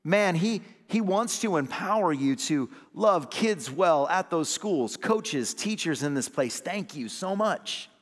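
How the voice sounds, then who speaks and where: A man, an associate pastor, preaching a sermon with call-and-response amens, swinging between loud emphatic lines and low hushed ones. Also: expressive, takes it slowly, few pauses, big-room sound.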